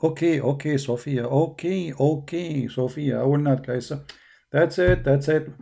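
Sarcastic mellow-voiced man taunting. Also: fairly high pitch, measured pace, creaky. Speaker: online debater. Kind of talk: mocking stream monologue.

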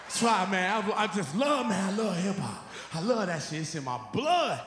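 A man doing stand-up comedy, loud and animated, breaking into song and freestyle rhymes. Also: high-pitched, normal speed. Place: large comedy venue stage. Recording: echoey live hall with music and crowd. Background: audience laughter and music.

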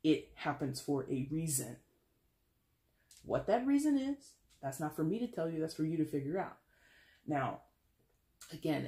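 A tarot reader with a medium-pitched, somewhat dark voice gives a casual, frank reading to camera, sighing often and swearing occasionally. The room is echoey, with faint ambient sound.

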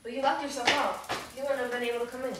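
A woman's voice: high-pitched, little pitch movement, fast, heavy background noise. A woman vlogging at home in a casual, chatty way, talking slangy and laughing often as she sets up a prank. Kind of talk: casual prank vlog chat. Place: at home indoors.

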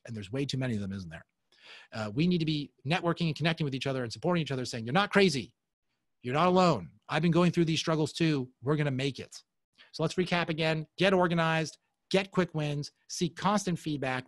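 A man's voice: mid-range voice, no room sound. A man presenting a webinar on a video call, enthusiastic and motivational, often calling the audience folks. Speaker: webinar speaker.

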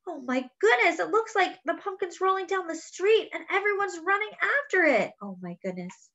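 A woman reading a picture book aloud to children, expressive and exclaiming over the pictures. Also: very high voice, moderate pace, hardly any pauses. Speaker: children's story reader. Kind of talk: read-aloud storytelling.

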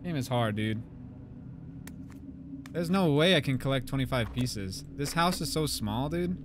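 A young man giving let's play commentary on a horror game, swearing and shouting at jump scares, his voice going hoarse from screaming. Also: mid-range voice, lively intonation, unhurried, noisy background. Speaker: gaming YouTuber. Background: game music.

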